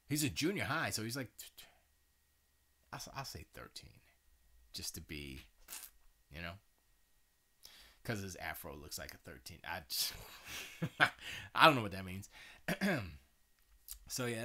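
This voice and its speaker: This livestream host sounds tired despite a bright, forceful tone at medium pitch. Broadcasting from his home studio, he rambles casually between thoughts, catching and fixing himself, leaning on fillers and slang-filled asides.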